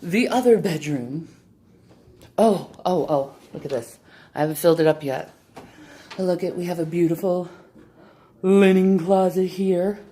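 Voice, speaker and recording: A woman's voice: on the low side, mellow, a little hiss or hum. Breathless, showy woman touring her home. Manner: showy, defiant, calls viewers darling. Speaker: vlogger giving a home tour. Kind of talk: walking home-tour vlog. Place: indoor apartment, moving between rooms.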